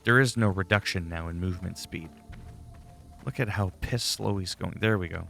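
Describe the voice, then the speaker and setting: A man with a low, heavily gravelly voice rambles casually while he plays, chatty and free with his swearing. Faint game music plays underneath his talk. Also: moderate pace, a bit bright. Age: adult, long-time player. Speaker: gaming channel host. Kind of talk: casual gameplay commentary.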